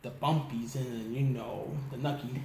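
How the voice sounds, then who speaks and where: Animated male storyteller, echoey room. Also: mid-range voice, unhurried. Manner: animated, laughs often, acts out quotes. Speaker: musician guest. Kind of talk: casual interview storytelling. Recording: echoey room with faint background noise.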